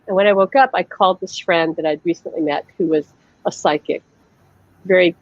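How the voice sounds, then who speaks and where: Talking a little fast in a fairly low voice, a woman hosts a live online chat as a psychic medium using a video call. The dry recording has its highs cut off. She tells personal stories casually, impersonating the voices she quotes, with lots of "like" fillers.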